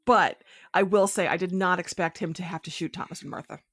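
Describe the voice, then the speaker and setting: A woman's voice: fairly low pitch, steady tone, a little fast, a bit bright, no echo, clean studio sound. A woman co-hosting a podcast in casual chat, joking and laughing often. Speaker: podcast co-host.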